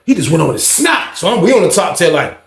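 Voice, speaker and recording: A man telling a story in a casual, slangy way, animated and often laughing. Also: fairly high pitch, fast, creaky. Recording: roomy echo.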